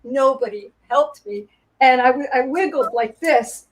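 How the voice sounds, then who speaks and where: Woman reminiscing about stage life, lively, often laughing, pitched a little high. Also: measured pace, rough recording. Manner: animated anecdote-telling, laughs often. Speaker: guest, Broadway performer. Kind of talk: casual storytelling interview. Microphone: video call.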